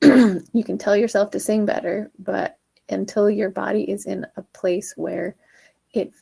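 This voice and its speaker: Gravelly-voiced woman vocal coach. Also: unhurried. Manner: demonstrates staccato "ha" exercises jumping high into head voice; relaxed explaining with chuckles and fillers. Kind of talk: live online singing lesson.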